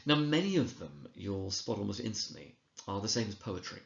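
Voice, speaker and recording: A low-voiced man talks through a recorded lecture in a measured, explanatory way and reads quotations slowly for effect. The recording is roomy and a little dull. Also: sing-song, gravelly. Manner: explanatory, measured, with occasional slips and restarts; reads quoted lines slowly and dramatically. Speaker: teacher trainer.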